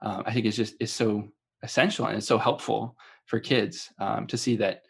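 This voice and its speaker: A man's voice: on the low side, steady tone, normal speed, creaky, husky. A man in his thirties, a father and podcast guest, speaking earnestly and hesitantly with many fillers. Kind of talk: casual podcast conversation.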